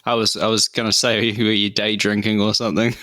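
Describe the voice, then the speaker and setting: Laid-back man, lowish voice. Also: little pitch movement, fairly quick, sharp tone, no room sound. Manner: easygoing, brief replies and laughs. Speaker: podcast co-host. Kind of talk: casual chat.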